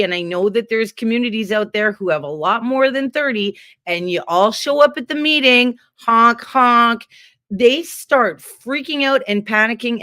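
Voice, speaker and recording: A woman guest from Canada in casual political chat, talking in a heated, rambling, animated way with many fillers. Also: a little high, dry recording, clean studio sound.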